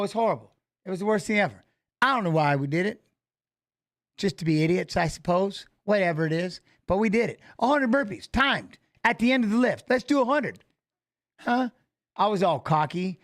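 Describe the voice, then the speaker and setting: High-voiced chatty man hosting a livestream. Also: expressive, fairly quick. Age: 40s. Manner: rambling, chatty, greets viewers by name. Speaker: livestream host. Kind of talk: casual livestream chat.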